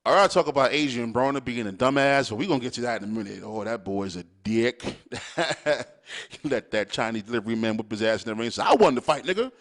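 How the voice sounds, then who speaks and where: Speaking fast in a mid-range voice with lively intonation, this man hosts a podcast and rants bluntly, swearing freely. His opinionated monologue is emphatic, punctuated again and again with "all right?" to check in with listeners.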